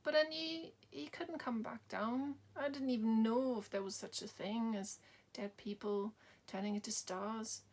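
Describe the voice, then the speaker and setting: A woman, a bereaved mother, tells a personal story in a soft-spoken way, sometimes dropping to a whisper. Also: a little high, steady tone, measured pace, few pauses.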